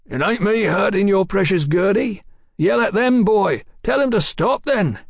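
A man voicing a cunning, whining ruffian with a high, wailing voice. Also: lively intonation, unhurried, vocal fry, slightly rough, no room sound, studio quality, heavily acted. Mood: gloating.

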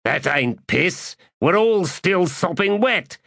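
A man's voice: high voice, animated, slow pace, vocal fry, a bit bright, no echo, studio quality, voice pushed up, full character voice. A man voicing a vain, boastful male duelist. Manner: boastful, strutting.

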